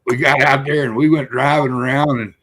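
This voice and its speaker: A man's voice: medium pitch, fairly even intonation, fairly quick, fairly bright tone. An older man from South Texas with a South Texas accent, telling folksy hunting stories in casual chat as a live-stream host.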